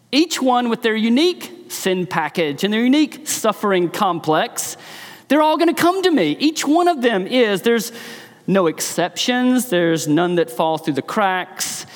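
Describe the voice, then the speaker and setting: A man preaching a sermon in an earnest, emphatic way, slowing and speeding up to stress his points. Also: high voice, very animated. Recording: long hall reverb.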